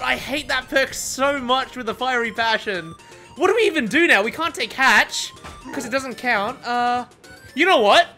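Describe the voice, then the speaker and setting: A man in his twenties commentating his own gameplay, excitable and swearing often, pleading and yelling at the game, voice going hoarse. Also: very high-pitched. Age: 20s. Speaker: gaming YouTuber.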